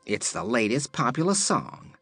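A man's voice: a little high, big pitch swings, slow, dry recording, faint music behind, voice pushed up, full character voice. A man voicing a sulky talking phonograph. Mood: sulky, boastful. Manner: sad then indignant, sulky. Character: sulky talking phonograph machine, male, proud of its songs.

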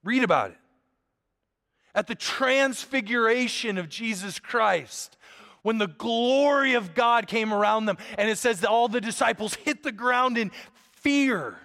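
A pastor in his thirties delivers a sermon, his voice sitting high for a man. He tells stories with energy and acts out the voices in them. The sound rings with the long reverb of a large hall. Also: a little slow. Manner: animated storytelling, acts out voices.

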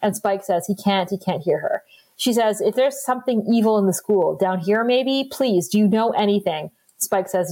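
A woman in casual conversation on a podcast, pitched in the middle of the range. She walks through scenes with plenty of quoted lines and frequent laughter. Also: moderate pace, warm tone. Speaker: podcast co-host. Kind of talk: casual recap chat.

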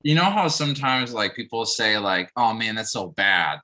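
A man with a bright, somewhat low voice talks earnestly in casual podcast chat. He fills his sentences with "like" and "you know" as he tells a story. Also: animated, moderate pace, rough recording. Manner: earnest, uses many fillers. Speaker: podcast co-host, campus minister.

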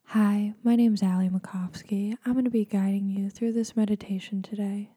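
A young woman doing a whispered role-play as a mock-serene meditation guide, talking slowly in a hushed whisper with deadpan dark asides. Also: mid-range voice, slightly rough, natural voice.

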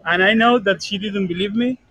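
A man's voice: high voice, a little fast, a bit bright, no echo, low-quality recording. A man from Argentina calling in to a podcast from a bar, chatting and teasing his co-hosts. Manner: joking, teasing banter. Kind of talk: casual chat.

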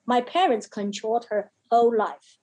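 A woman guest recounting her childhood in earnest, halting non-native English with many restarts. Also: a little high, a little mellow. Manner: acts out quoted voices from her childhood. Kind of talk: personal storytelling in an interview.

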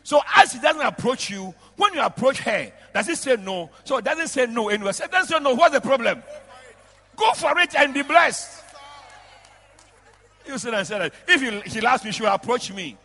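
A bishop preaching in a high, gravelly voice with a husky edge. He shouts out to his congregation and laughs along with them. The recording carries the long reverb of a big church hall. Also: expressive, moderate pace. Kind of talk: lively church sermon. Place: large church.

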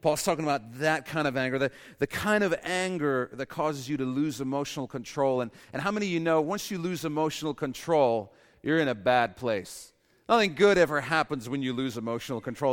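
A male pastor giving a sermon in an animated way, with humorous asides and bursts of loud emphasis. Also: a little high, a little fast, in a large hall.

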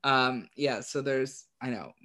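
A man chatting casually as a podcast co-host, laughing as he retells scenes in quick quoted voices. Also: mid-range voice, sharp tone. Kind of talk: casual chat.

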